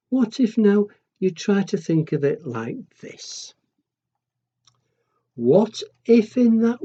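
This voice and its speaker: A man doing a gentle mother penguin. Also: sits high, breathy edge, pitched above the performer's own voice, exaggerated voice. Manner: soothing and encouraging. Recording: dull lo-fi recording.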